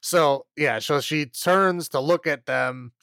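A man's voice: a little high, takes it slowly, vocal fry, bright, forceful tone, no room sound, studio quality. A man co-hosting a podcast, recapping a horror movie in a rambling way with lots of fillers and laughs. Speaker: podcast co-host. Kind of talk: casual movie recap chat.

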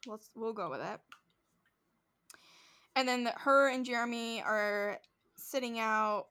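A woman's voice: fairly high pitch, slow, sharp tone, clear, resonant tone. A young woman co-hosting a podcast, casually retelling a show's plot with lots of filler and quoted voices. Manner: rambling retelling with many likes and quoted voices. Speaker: podcast co-host. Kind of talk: casual storytelling chat.

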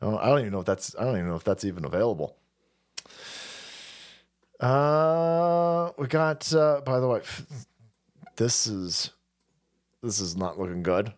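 A man's voice: mid-range voice, sing-song, normal speed, pauses often. A man hosting a livestream, ranting in a profane, rambling, sarcastic way and laughing often. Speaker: stream host. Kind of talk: ranting commentary.

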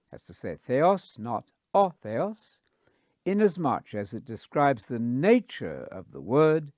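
A man giving a measured, scholarly lecture on scripture, quoting his sources carefully. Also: medium pitch, darkish tone, dry recording, clean studio sound. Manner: deliberate, quotes sources carefully. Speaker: Bible teacher.

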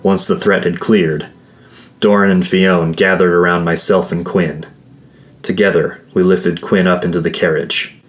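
Deep, slow male storyteller. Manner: measured, steady storytelling. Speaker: narrator. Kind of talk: first-person story narration. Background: faint music.

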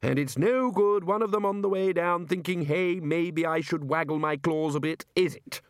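A man's voice: on the high side, normal speed, clear, resonant tone, no echo, clean studio sound, voice pushed up, close to an everyday voice. A man voicing a blustering, bossy male wizard chief who fires off hectoring questions.

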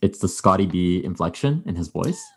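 A man's voice: deep voice, sing-song, normal speed, a bit bright, breathy edge. A man hosting a podcast, chatting casually and rambling with many fillers and restarts. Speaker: podcast host. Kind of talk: casual chat.

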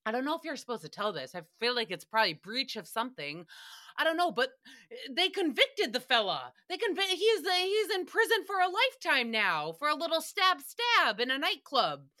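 A young woman hosting a podcast, recapping a show in a casual, joking way, swearing freely and slipping into quick silly voices. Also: high voice, sing-song, bright, forceful tone. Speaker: podcast host.

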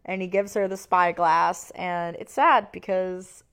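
A woman casually recapping a TV series in a chatty, animated way, full of filler words and exasperated asides. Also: on the low side, measured pace, smooth. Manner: chatty, with many filler "likes".

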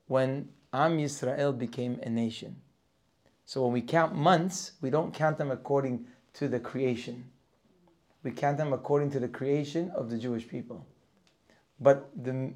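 A man teaching a Torah class for Rosh Hashanah, reading Hebrew verses and translating them line by line. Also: mid-range voice. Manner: reads Hebrew verses and translates each, rising and louder as he goes.

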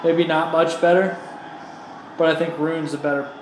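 Young man, podcast co-host, casual joking chat, slightly high pitch, echoey room, faint hiss. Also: normal speed. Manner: joking, animated, swears freely.

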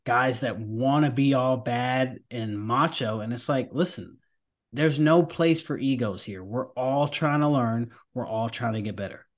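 A man's voice: medium pitch, measured pace. A man hosting a podcast, himself a firefighter, speaking in an earnest, emphatic and casual way.

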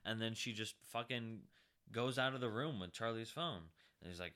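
A young man casually telling a story, swearing and mimicking others. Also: moderate pace. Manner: animated, swearing, mimics a shrill woman.

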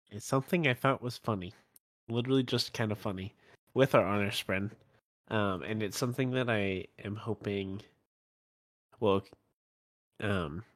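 Podcast co-host, man, low voice, rambling and amused. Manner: amused, rambling, self-interrupting. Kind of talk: casual book discussion.

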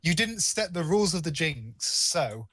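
A man's voice: a little high, very animated, measured pace, a bit bright, breathy edge, dry recording. Blunt man with crude quips. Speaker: podcast co-host. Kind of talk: casual podcast chat.

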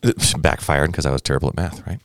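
A man with a gravelly voice chatting animatedly on a podcast, slipping into funny voices as he tells stories. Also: extremely low pitch, fast talker, no echo, studio quality. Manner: animated storyteller who jumps into funny voices. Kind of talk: casual chat.

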